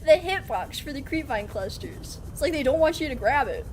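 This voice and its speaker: A woman's voice: sits high, big pitch swings, normal speed, a little hiss or hum. Giggly chatty woman streamer. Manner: chatty, giggly, playful, reads chat aloud. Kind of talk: casual live-stream chat while gaming.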